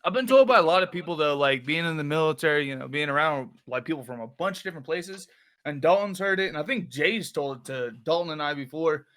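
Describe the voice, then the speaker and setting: Male, from California, high voice, loose rambling chat. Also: lively intonation, quick pace, fairly bright tone. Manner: rambling, loose and filler-heavy. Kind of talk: casual podcast chat.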